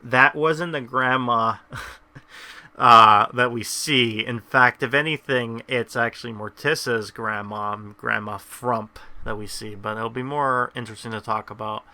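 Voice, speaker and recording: Hosting a casual gameplay video, a man speaks at a measured pace with a steady, medium-pitched voice that sounds pushed and bright. His commentary rambles, packed with fillers and frequent restarts.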